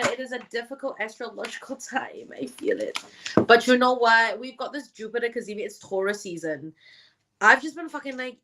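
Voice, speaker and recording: Young woman, tarot reader, casual live-stream chat, slangy and swearing, slightly high voice. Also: fairly bright tone. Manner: chatty, slangy, swears casually, talks to viewers by name.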